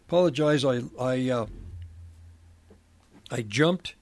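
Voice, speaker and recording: A middle-aged man hosting a prophecy commentary program, speaking in a slow, halting way with many fillers and restarts. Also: fairly high pitch, fairly even intonation, no echo. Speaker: radio program host.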